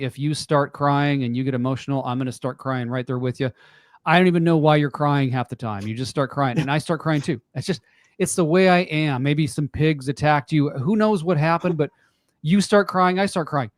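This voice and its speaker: A man's voice: a little high, normal speed, no room sound. A man in his forties, a podcast guest in casual chat, talking earnestly and emphatically and repeating himself.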